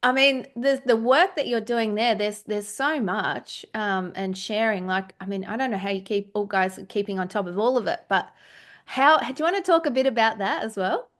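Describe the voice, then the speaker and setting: A woman's voice: fairly high pitch, normal speed, a bit bright. An Australian woman hosts a casual podcast conversation. She laughs easily and talks in loose, meandering sentences full of fillers. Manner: giggly, chatty, trails off with fillers. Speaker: podcast host. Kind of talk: casual chat.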